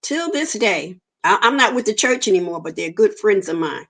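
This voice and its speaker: A woman's voice: mid-range voice, lively intonation, moderate pace, fairly bright tone. A woman, giving an earnest personal testimony in an interview and acting out the dialogue she quotes. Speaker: interview guest.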